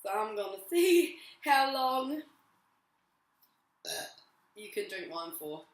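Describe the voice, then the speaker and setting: A young woman in her twenties chatting casually to camera as a vlogger, giggly and rambling, her voice a little hoarse. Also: medium pitch, very animated, slow pace. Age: 20s. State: voice going hoarse. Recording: roomy echo.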